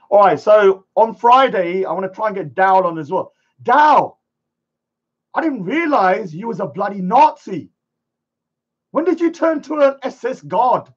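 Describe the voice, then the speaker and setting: A man hosting a live stream, chatting casually and rambling, sometimes shouting at viewers. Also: high voice, husky. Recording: dull lo-fi stream audio.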